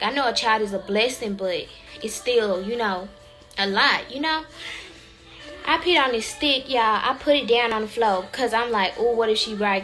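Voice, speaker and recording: A young woman speaking tells her story to viewers in a lively, chatty way, calling them y'all. Her voice is bright and clear, pitched a bit high, with soft music playing underneath. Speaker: vlogger.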